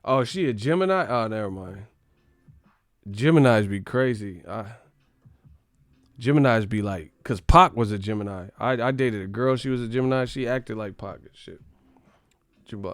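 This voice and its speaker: A man's voice: fairly low pitch, unhurried, no room sound, clean studio sound. Profane, joking live-stream boxing host, man. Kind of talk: casual live-stream rant.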